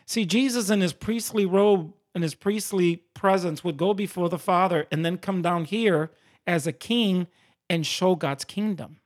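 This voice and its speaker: Guy with a slightly high voice telling his healing story, earnest, acts out the back and forth. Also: a little slow. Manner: animated storyteller who acts out his prayers and God's replies. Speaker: guest sharing a faith testimony. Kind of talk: earnest conversational testimony.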